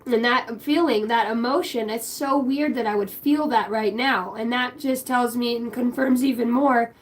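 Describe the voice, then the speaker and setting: A woman's voice: on the high side, normal speed, slight background noise, low-quality recording. A young woman giving a spiritual card reading, emotional and rambling, swearing casually. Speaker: tarot card reader.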